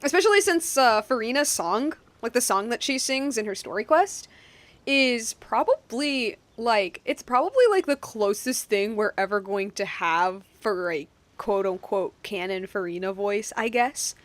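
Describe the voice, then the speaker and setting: Young woman game streamer, casual, excitable, restarts often, fairly high lively voice. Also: measured pace, dry recording. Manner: excitable, giggly, many restarts and "like"s. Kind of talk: casual game livestream commentary.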